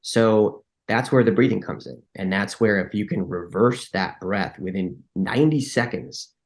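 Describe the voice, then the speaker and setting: A man being interviewed on a podcast, explaining in a lively, conversational way, acting out inner dialogue and often restarting his sentences. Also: on the low side, moderate pace. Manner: frequent restarts and filler likes. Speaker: podcast guest.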